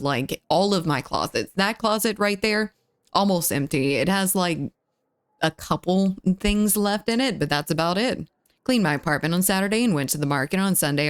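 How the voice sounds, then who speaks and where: Playful young woman streamer, lowish voice. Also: dry recording, clean studio sound. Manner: chatty and playful, greets viewers by name. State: slightly rough voice. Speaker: live streamer. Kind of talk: casual live-stream chat, reading chat aloud.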